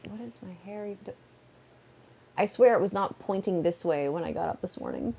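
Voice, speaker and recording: A woman's voice: lowish voice, animated, a little fast, creaky, mellow, slightly rough. A woman from Canada chatting casually on a livestream at home, rambling with lots of "like" fillers. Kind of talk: casual chat. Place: at home, seated on a beanbag.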